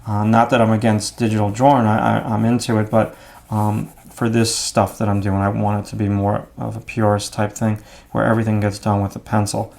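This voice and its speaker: A man explaining his drawing steps out loud as he works, in a relaxed, thinking-aloud way. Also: fairly low pitch, a little fast, gravelly. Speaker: art instructor. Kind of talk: drawing demonstration.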